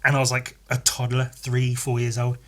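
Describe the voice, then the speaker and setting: A man's voice: medium pitch, monotone, normal speed. An English man hosting a solo podcast, rambling in a sweary, sarcastic way with lots of asides. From England. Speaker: podcast host.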